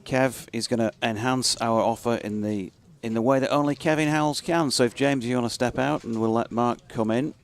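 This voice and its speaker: A man's voice: mid-range voice, fairly even intonation, fairly quick, few pauses. A man in a radio cricket commentary box, bantering in a dry, wry way.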